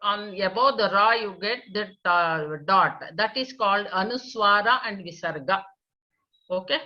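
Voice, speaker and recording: A woman teaching children in an online class, patiently repeating answers, praising pupils and chanting verses slowly for them to echo. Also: mid-range voice. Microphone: video call. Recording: dull lo-fi online call.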